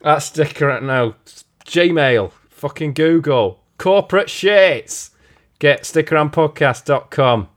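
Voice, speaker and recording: A man putting on the voice of a profane, ranting punk frontman, firing off deadpan insults. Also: a little high, slow.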